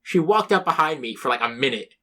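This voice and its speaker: A man's voice: mid-range voice, animated, brisk, pushed and bright. Rambling, swearing young man storyteller. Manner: rambling storyteller, swears a lot, acts out quotes. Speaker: podcast co-host. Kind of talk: casual chat.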